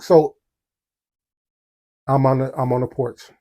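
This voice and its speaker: Warm-voiced animated storyteller man. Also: mid-range voice, takes it slowly, long pauses. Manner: animated, talks to the audience, acts out quotes. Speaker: podcast host. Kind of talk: storytelling podcast.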